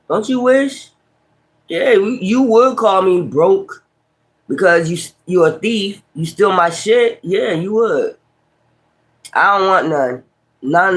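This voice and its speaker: A man with a Brooklyn accent doing a tarot reading, ranting profanely and combatively at his critics. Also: high voice. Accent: Brooklyn, New York. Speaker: tarot reader. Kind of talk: casual tarot livestream rant.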